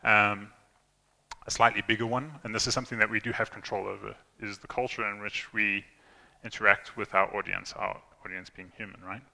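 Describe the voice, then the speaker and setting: A man's voice: on the low side, flat delivery, fairly quick, gravelly, bright, forceful tone. A young man giving an informal tech talk to an audience, chatty, with many fillers and restarts, acting out quoted lines. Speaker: conference speaker. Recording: reverberant hall.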